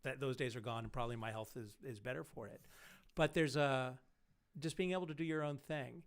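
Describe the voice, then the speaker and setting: A middle-aged man hosting a live stream interview, animated and quick to laugh. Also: mid-range voice. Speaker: host.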